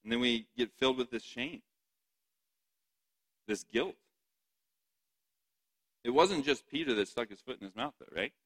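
A man's voice: medium pitch, expressive, unhurried, long pauses, fairly bright tone, poor audio. A man giving a sermon, reading scripture and chatting to the congregation with frequent laughs and "right?" asides. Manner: chatty, laughs often, asks the audience "right?". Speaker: preacher.

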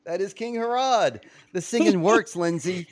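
A man's voice: sits high, normal speed. A man hosting a casual chat, playfully quizzing his co-hosts and laughing often. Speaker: podcast host quizzing co-hosts.

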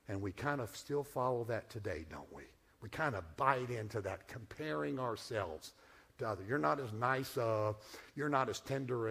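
A middle-aged man preaching a sermon in a folksy, humorous way, swinging from hushed asides to loud punchlines. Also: medium pitch. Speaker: pastor.

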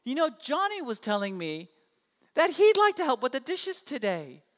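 A scheming little sister , put on by a man, comes through in a high, wheedling, sing-song voice. It bounces up and down as she sweet-talks the grown-ups. A long church-hall reverb trails behind every phrase. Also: huge pitch swings, moderate pace, full character voice. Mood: sly. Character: scheming bossy little girl, big sister.

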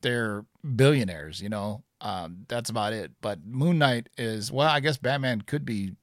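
A man's voice: lowish voice, unhurried, no echo, studio quality. A man chatting casually about comics and movies, rambling with lots of fillers and restarts.

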